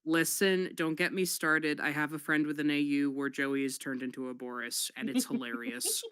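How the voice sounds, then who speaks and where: An excitable guest on a casual chat, with lots of laughter. The voice is bright and lively, jumping around in pitch. It is recorded close and dry. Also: normal speed, clear, resonant tone, no echo. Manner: excitable, animated, laughs often.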